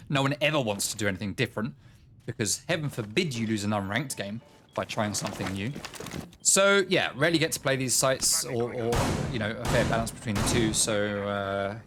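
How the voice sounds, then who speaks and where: A man giving solo play-by-play commentary on a competitive shooter match, getting excited at big plays. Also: a little hiss or hum. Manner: excitable, rising in pitch at big plays, chatty asides to chat. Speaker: esports caster. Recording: game gunfire and clicks behind. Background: game gunfire and clicks.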